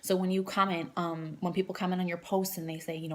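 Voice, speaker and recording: A woman's voice: fairly low pitch, very fast, few pauses, darkish tone. A woman in her thirties giving a casual training talk to new coaches, rambling with lots of fillers and restarts.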